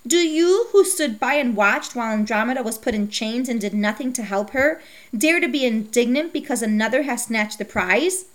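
A frantic old king from a storybook, loud and urgent in his formal speech, as a woman reader puts him on. The voice climbs high and strains, well above her usual reading. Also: expressive, moderate pace, close to an everyday voice. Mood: indignant.

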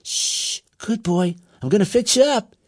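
A man voicing a gentle young boy who coaxes a hurt bird in a soft, raised voice for a storybook reading. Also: sits high, huge pitch swings, fairly quick, husky, dry recording, studio quality, voice pushed up, exaggerated voice. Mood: soft coaxing. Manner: soft, coaxing.

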